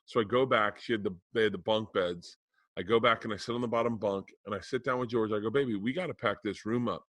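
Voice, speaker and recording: Bright-voiced man telling a story. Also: fairly low pitch, steady tone, fast talker, no room sound. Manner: rambling, profane, emotional storyteller. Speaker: podcast co-host. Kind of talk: casual chat, storytelling.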